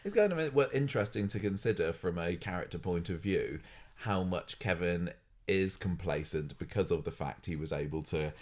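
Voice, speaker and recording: A man with a very deep voice co-hosting a soap opera podcast, picking apart why the characters act as they do. He talks casually and thinks aloud, often circling back and restarting his sentences. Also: animated, normal speed, a little mellow. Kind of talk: casual chat.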